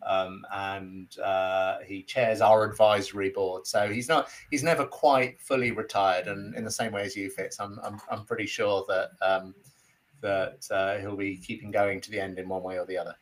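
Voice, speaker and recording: Man, professor guest, halting, repeated restarts, lower voice. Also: steady tone, rough recording. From United Kingdom. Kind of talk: podcast interview.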